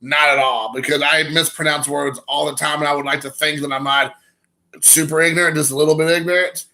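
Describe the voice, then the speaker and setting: A man's voice: on the high side, steady tone, fairly quick, sharp tone. A man hosting a live stream, chatting casually with viewers in a rambling, storytelling way.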